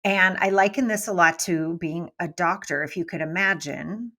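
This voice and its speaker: A middle-aged woman, a business mentor guest, talking in a casual, animated way and acting out quoted voices. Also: lowish voice, moderate pace. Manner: animated, acts out quoted voices, laughs often. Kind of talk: casual interview talk.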